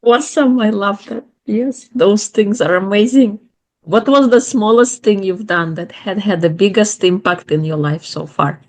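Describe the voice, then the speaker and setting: A woman's voice: mid-range voice, normal speed. A woman hosting an interview show, affirming her guest enthusiastically before asking the next question. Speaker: podcast host.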